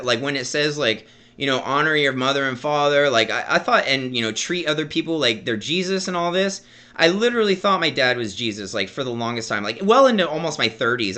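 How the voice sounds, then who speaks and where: A man in his thirties rambles through a personal story on a casual vlog, stammering and repeating words as he speaks to viewers. His voice is medium-pitched with a sharp tone.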